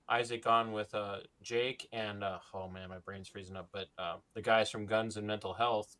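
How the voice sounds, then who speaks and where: A man's voice: on the low side, a bit bright. A man co-hosting a talk show, speaking with passion and hard emphasis, his voice climbing when he gets worked up. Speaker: co-host. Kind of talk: podcast talk, impassioned rant.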